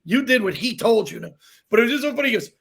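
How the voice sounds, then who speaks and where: A man, a comedian, telling rambling, animated stories in casual chat, laughing as he goes. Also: very high voice, rapid-fire, vocal fry, husky.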